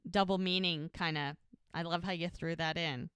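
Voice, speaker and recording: Woman, podcast co-host, smooth resonant voice, dry close sound, lively retelling. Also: lowish voice, normal speed, no echo. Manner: lively storyteller who voices quoted lines. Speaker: podcast co-host recapping episodes. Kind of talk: casual chat, retelling scenes.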